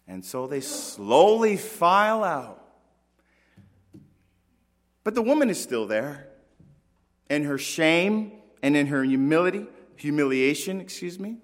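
A man preaching a sermon as pastor, earnest, with dramatic pauses and rising emphasis. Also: fairly high pitch, very animated. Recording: long reverb of a large hall.

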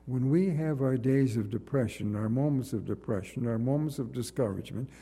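Earnest preacher man with a dark, husky voice. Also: mid-range voice, big-room sound. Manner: earnest, measured preaching with repetition. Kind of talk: sermon.

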